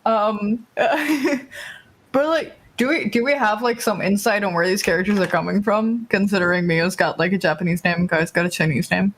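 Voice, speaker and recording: A woman's voice: medium pitch, steady tone, normal speed, a little hiss or hum. Giggly woman streamer chatting. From Germany. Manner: giggly, lots of laughter and fillers. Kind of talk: casual chat while playing a visual novel.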